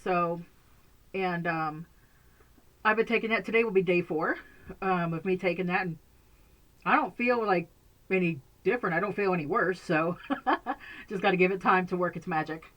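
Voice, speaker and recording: A woman's voice: lowish voice, normal speed, pauses often, highs cut off. A woman chatting casually to camera from a bedroom at home, rambling and laughing often. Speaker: vlogger.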